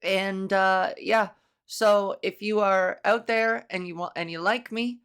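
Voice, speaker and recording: A woman's voice: medium pitch, fairly even intonation, slow, fairly bright tone, clear, resonant tone. A woman comedian hosting her own podcast alone, talking in a playful, silly, rambling way and savoring mock-grand words. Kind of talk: casual solo podcast monologue.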